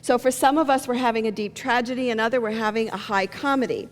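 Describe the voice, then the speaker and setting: A woman with a slightly high voice preaches a sermon, spinning funny stories and jokes in a lively storytelling way. Her voice carries with a long reverb through a church hall. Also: fast talker. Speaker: pastor. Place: church sanctuary.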